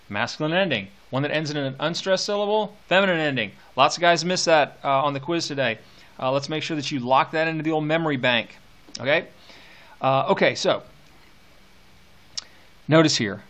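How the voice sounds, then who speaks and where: A man's voice: a little high, a bit bright. A male teacher lecturing on poetry with enthusiasm, reading verse aloud with relish.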